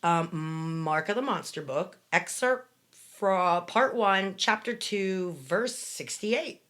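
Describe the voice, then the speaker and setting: A woman's voice: fairly low pitch, animated, slow pace, a bit bright. A woman hosting a casual podcast, reading excerpts aloud with wry, sarcastic asides. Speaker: podcast host.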